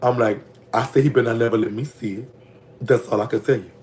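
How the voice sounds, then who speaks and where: Male vlogger, Louisiana Southern accent, average pitch, chatty gossipy storytime delivery with sudden high reactions. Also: quick pace, a little hiss or hum. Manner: gossipy and animated, voice jumping high when reacting to comments. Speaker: vlogger telling prison stories. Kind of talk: casual storytime monologue.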